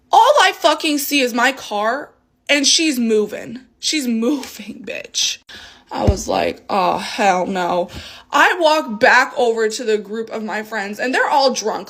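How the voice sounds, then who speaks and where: A young woman telling a storytime tale in a casual, animated way, swearing freely and acting out the voices of people she quotes. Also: on the high side. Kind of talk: storytime vlog.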